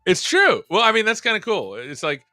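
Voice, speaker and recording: A man's voice: high voice, wildly swooping pitch, fairly quick, bright, forceful tone, no echo. A man hosting a tech show, chatting loosely and joking with many fillers. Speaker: show host. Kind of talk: casual live-stream chat.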